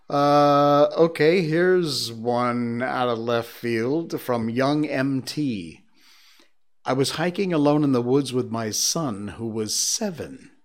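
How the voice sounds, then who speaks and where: Slow, animated male stream host. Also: medium pitch. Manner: slow, animated reader with spooky asides. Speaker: livestream host. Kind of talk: casual chat reading stories aloud.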